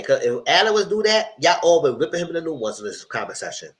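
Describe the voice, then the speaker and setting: Male reviewer, slightly high voice, casual live recap rant, blunt, exasperated, swears freely. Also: very animated, fast. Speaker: TV reality show reviewer.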